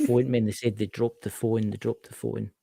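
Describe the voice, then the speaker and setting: A man's voice: lowish voice, level tone, brisk, creaky, crowd noise. A Scottish man in casual rambling chat with a co-host, repeating himself as he talks. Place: video call.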